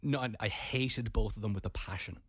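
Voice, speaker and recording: A young Irish man, a radio host, telling a comic story in an animated way. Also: lowish voice, brisk, breathy edge. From Ireland.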